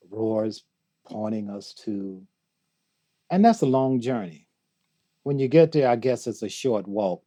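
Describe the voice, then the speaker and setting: An older man as a guest in an interview, talking slowly and reflectively, reciting poetry and laughing often. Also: medium pitch, dark tone. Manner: slow, musing, quotes poetry, laughs often. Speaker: guest, theologian.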